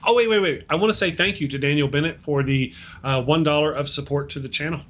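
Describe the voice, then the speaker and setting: A man's voice: a little high, quick pace, a bit bright, a little hiss or hum. A man hosting a casual live-stream chat, trading self-mocking jokes and greeting viewers. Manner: self-mocking jokey banter. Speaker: show host.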